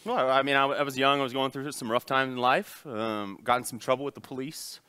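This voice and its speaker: A man's voice: medium pitch, fairly even intonation, fairly quick, bright, forceful tone, clean tone, no echo, natural voice. A man putting on the part of a humble young butler, telling his backstory in a mock-solemn way.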